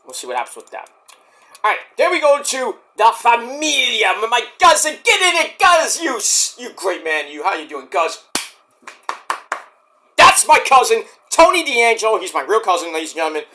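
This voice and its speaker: A man casually reviewing a wrestling show on his own, animated and excitable, breaking into high-pitched outbursts. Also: normal speed, background noise. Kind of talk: casual solo review vlog.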